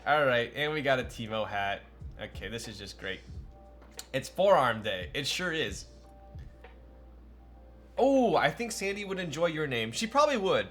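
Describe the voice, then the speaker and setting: A man's voice: mid-range voice, sing-song, normal speed, long pauses, fairly bright tone. A young man streaming live, chatting casually and joking at his own expense while building a keyboard and answering his chat. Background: faint music.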